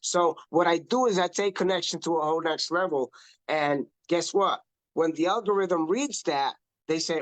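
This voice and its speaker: A man coaching on social media in a casual online talk, emphatic and animated, often repeating himself for effect. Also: a little high, normal speed, no room sound. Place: online video call. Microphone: video call.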